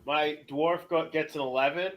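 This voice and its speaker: A man calling out his dice rolls and his character's actions during a tabletop game, in an eager, animated way. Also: on the high side, moderate pace, lo-fi sound. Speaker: player. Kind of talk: casual tabletop game play.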